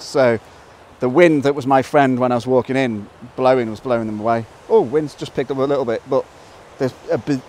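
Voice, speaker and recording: Excitable middle-aged guy vlogging outside by a waterfall, lots of wows, explains his shots, mid pitch. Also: a little hiss or hum. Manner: excitable, bursts into wows and laughter; explains photo composition while working. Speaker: nature photographer. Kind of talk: outdoor vlog narration. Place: outdoors in a valley by a waterfall.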